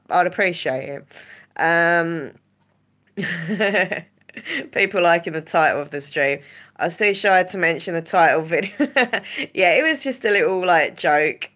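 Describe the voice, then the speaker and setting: A woman hosts a relaxed livestream and chats to her viewers, rambling from one story to the next and greeting people by name. Her voice sits a little low, yet it has a bright, forceful edge. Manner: chatty, giggly, rambling, greets chat by name. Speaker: livestream host and ASMR creator. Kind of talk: casual livestream chat with viewers.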